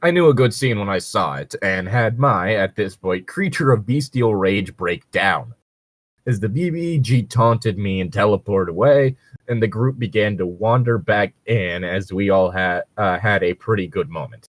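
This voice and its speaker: A lower-pitched male voice reading a first-person story post in a relaxed podcast manner, easily set off laughing and coughing. The sound is close and dry with no room echo. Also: normal speed. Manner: laughing fits, coughing, playful. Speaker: co-host reading stories.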